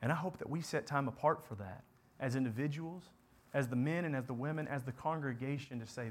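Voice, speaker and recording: A man preaching a sermon, building to impassioned repeated questions and sinking to quiet, earnest prayer. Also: mid-range voice, fairly quick. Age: adult parent.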